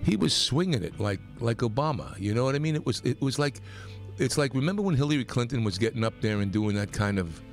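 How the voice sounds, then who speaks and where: A man from New York hosting a talk radio show, delivering a rambling, opinionated monologue that gets more animated as he goes. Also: quick pace, few pauses, soft background music. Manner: animated, rambling, pitch climbs when worked up.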